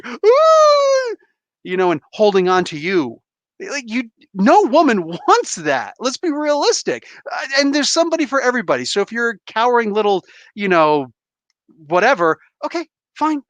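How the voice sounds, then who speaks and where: Lively, emphatic male host in his forties, dry close sound. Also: high voice, no room sound. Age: 40s. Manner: animated, emphatic, acts out voices. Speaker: comic book show host. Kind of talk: opinionated live-stream monologue.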